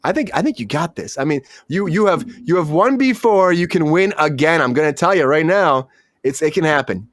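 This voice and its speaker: A man's voice: on the high side, animated, dry recording, clean studio sound. A man hosting a comedy entertainment panel show, hyping up his guests in a playful way. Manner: hyped, playful, drawn-out countdowns. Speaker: host.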